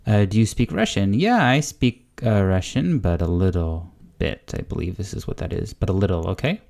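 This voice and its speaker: A young man hosting a casual tutorial, chatty and relaxed, thinking aloud as he clicks through a lesson. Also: deep voice, brisk, gravelly. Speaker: language-learning channel host. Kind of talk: casual screen-recorded tutorial.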